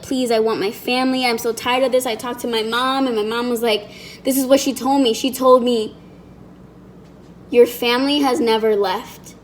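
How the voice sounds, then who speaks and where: A woman's voice: on the high side, a little hiss or hum. Chatty young woman telling a story. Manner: chatty, acts out quoted lines. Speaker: vlogger. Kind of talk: storytime vlog.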